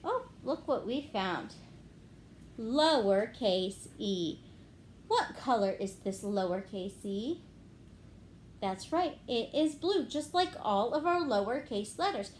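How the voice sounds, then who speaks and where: A woman teacher giving a gentle phonics lesson to young children, clapping out words syllable by syllable. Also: fairly high pitch, very animated, unhurried, slight background noise.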